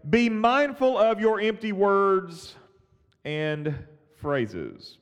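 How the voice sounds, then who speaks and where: A man preaching a sermon as a pastor, earnest and halting, often restarting his phrases. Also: high-pitched, lively intonation, clean tone, long reverb tail.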